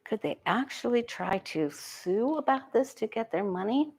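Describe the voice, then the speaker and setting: A woman's voice: a little high, lively intonation, moderate pace, a little mellow, slightly rough. Woman musing through a tarot reading. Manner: musing, asks herself questions aloud, frequent restarts. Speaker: tarot reader. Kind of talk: casual solo talk reading tarot cards.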